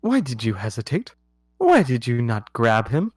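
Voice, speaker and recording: A man voicing an imperious, hot-tempered queen in a high, theatrical voice. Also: huge pitch swings, normal speed, breathy edge, dry recording, clean studio sound. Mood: furious. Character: haughty imperious queen, quick to rage.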